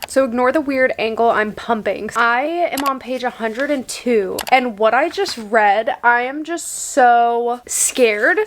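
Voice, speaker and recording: Excitable young woman book vlogger. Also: a little high, a little slow, hardly any pauses, a little hiss or hum. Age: 20s. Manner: excitable and emotional, gushing about books. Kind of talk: casual reading vlog.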